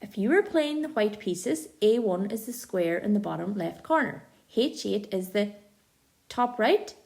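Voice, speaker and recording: A woman's voice: mid-range voice, expressive, measured pace, vocal fry. Woman playing a sensible, kind schoolgirl. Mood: explaining. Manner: patient, gently amused.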